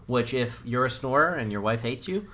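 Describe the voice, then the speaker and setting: A man co-hosting a podcast in casual chat, chiming in with wry asides and quick stories. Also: medium pitch, animated, bright, forceful tone. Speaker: podcast co-host.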